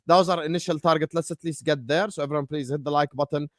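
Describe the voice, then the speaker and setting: Man, stream host, football chat, fairly high voice, dry close sound. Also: fairly even intonation, fast, no echo. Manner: hypes and shouts out viewers.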